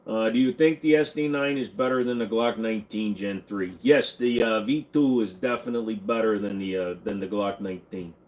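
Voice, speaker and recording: A man's voice: on the low side, a little fast, few pauses, darkish tone, poor audio. A man from Minnesota hosting a casual livestream, answering chat questions in an offhand, joking way. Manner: joking, offhand, drifts into silly accents.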